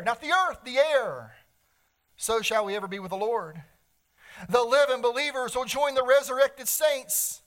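Male pastor, earnest sermon delivery, swings between loud and soft, heartfelt. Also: very high-pitched. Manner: earnest, swells and drops in volume, emotional at times.

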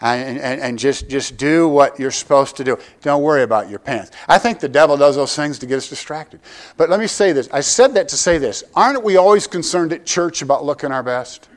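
An older male pastor delivers his sermon in a chatty, humorous way, peppering it with questions to the congregation. His voice sits slightly higher than most men's. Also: animated, fairly quick. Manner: conversational preaching with humor and rhetorical questions.

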